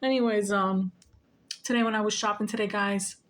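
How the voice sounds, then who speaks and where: A woman's voice: mid-range voice, fairly even intonation, normal speed. A woman vlogger in an agitated, profane, rambling casual rant to camera.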